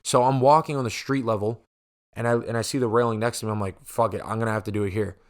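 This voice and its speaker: A man's voice: fairly low pitch, quick pace. Profane young man telling a story. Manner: animated, profane, acts out quoted voices. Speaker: podcast host. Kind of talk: casual solo storytelling. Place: podcast studio.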